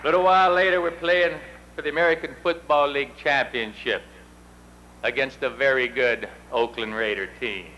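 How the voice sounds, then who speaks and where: A man's voice: medium pitch, fairly even intonation, moderate pace, pushed and bright, lo-fi sound, slight background noise. A middle-aged man presenting at an induction ceremony, telling folksy, self-deprecating stories. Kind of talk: speech with storytelling.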